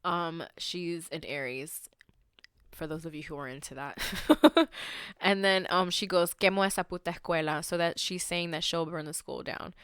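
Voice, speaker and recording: Speaking in a low, steady voice at normal speed, this podcast host has a fairly bright, clean tone captured in a dry studio recording. She rambles through a story full of fillers and gets heated and indignant once something riles her.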